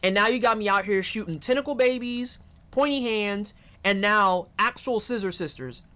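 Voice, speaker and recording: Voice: medium pitch, normal speed. A streamer joking and swearing through commentary while playing a horror game. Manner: joking, profane, animated. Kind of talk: live gameplay commentary.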